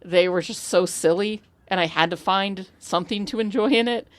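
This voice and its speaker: A woman co-hosting a casual movie podcast, blunt and animated, swearing freely as she talks. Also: medium pitch, moderate pace, no echo. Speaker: podcast co-host. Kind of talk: casual chat.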